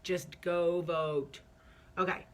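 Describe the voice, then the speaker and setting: A woman's voice: fairly low pitch, steady tone, slow, heavy background noise. A woman hosting her own talk show, telling a story casually, chatty and candid with lots of fillers, sounding stressed and nervous. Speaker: vlog host.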